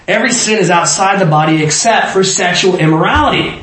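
A man's voice: high-pitched, animated, fast, few pauses, fairly bright tone. Man teaching scripture in an echoey room. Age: adult parent. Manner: conversational, quizzes the listeners, frequent restarts. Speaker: Bible teacher. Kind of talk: interactive Bible study sermon. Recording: echoey room with faint noise.

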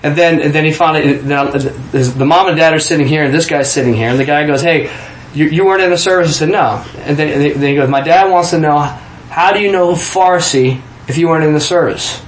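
Man, from Kansas, casual storytelling, personal testimony, acts out voices, restarts, slightly high voice, echoey room. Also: fairly quick, a little hiss or hum. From Kansas, USA. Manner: animated, acts out quoted voices, frequent restarts and laughs. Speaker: guest telling a testimony.

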